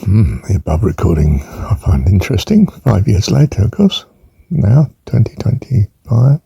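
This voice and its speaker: A man's voice: lowish voice, big pitch swings, normal speed, creaky, dark tone, breathy edge, no room sound. An older man giving an informal spelling lesson, rambling and musing aloud, drawing out words as he says them and adding chuckling asides. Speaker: teacher.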